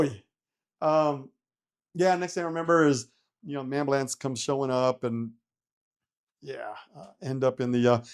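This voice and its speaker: A middle-aged man, a retired helicopter pilot, casually telling a story, acting out what people said and swearing freely. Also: medium pitch. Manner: animated retelling with quoted voices and swearing. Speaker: interview guest, retired Army helicopter pilot.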